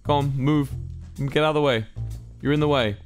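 A man's voice: medium pitch, steady tone, moderate pace, faint music behind. A young man in his twenties hosting a live-streamed game event, playfully bossing players around and reading their signs aloud.

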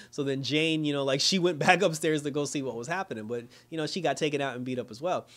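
A young man recapping a TV episode casually, acting out the characters' lines and laughing often. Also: a little high. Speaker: show reviewer.

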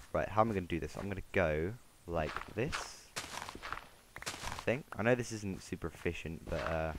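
A man's voice: sits low, noisy background. A man giving casual, rambling gameplay commentary, talking to himself as he plays. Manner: rambling, talks to himself while playing. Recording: game music playing underneath.

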